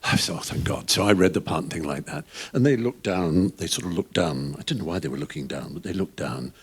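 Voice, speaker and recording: A man's voice: sits low, animated, a little fast, slightly rough. An older English man in his sixties, a guest on a live podcast in a pub, telling rambling anecdotes with restarts and chuckles. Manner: rambling anecdotal storytelling with frequent restarts and laughs. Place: pub venue before a live audience.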